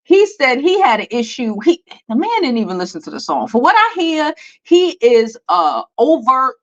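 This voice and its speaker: High-voiced blunt woman host. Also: very animated, normal speed, dull audio. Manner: blunt, profane, dismissive, many fillers. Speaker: beauty and celebrity news host. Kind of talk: casual commentary vlog.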